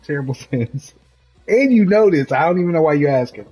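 Man, game streamer, husky voice, slow and lively, jokey banter, mellow tone, faint music behind. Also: on the high side, poor audio. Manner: joking, laughing, mock English accent in bits. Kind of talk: casual banter with co-host and chat.

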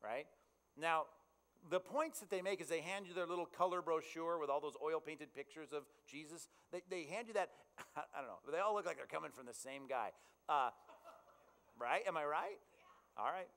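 A man's voice: fairly high pitch, moderate pace, a bit bright. A man preaching a sermon as pastor, in a conversational way that keeps checking in with his listeners. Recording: long reverb in a large hall.

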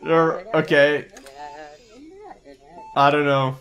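Speaking slowly in a slightly high, fairly bright voice, a young man narrates his playthrough of a video game for his gaming channel. The let's play commentary is goofy and jokey, with swearing and laughter throughout.

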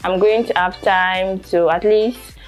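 A young woman with a Nigerian accent talks to her camera in an easygoing home vlog. Her pitch sits in a middle range for a woman, and she keeps circling back to the same points with plenty of "you know". Faint music plays softly behind her voice. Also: steady tone, a little slow. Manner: chatty, repeats herself, many fillers like "you know". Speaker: vlogger and photographer. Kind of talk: casual vlog talk to camera.

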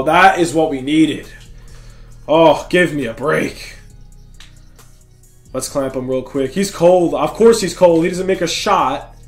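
A young man talks over his video game as he plays, excitable and often frustrated, tossing out slang. His voice sits a bit high for a man, and faint music plays behind him. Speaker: gaming YouTuber. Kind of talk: live gameplay commentary.

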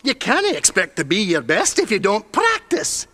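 A bright, lilting Scottish hermit. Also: male voice, sits high, wildly swooping pitch, moderate pace, full character voice. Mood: folksy chiding. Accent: put-on Scottish. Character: kindly old male hermit racing trainer.

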